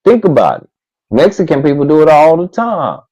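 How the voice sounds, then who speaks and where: Guy with a mellow low-key voice, stumbling a bit as he talks it through. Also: big pitch swings, slightly rough, lo-fi sound. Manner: halting, restarts, builds his point slowly. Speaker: co-host. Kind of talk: casual discussion.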